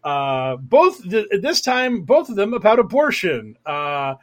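A young man with a fairly high voice rants on a podcast. He is sarcastic and profane, tripping over his words and restarting, then building into angry outbursts. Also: sing-song, slow pace. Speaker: podcast host. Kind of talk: casual political podcast rant.

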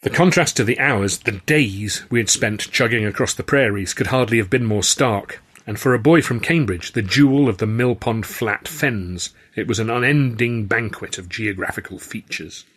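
Male author reading his own first-person novel, husky, wry. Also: fairly low pitch, normal speed, hardly any pauses, a bit bright. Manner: wry, storytelling. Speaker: author and narrator. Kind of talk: audiobook narration, first person.

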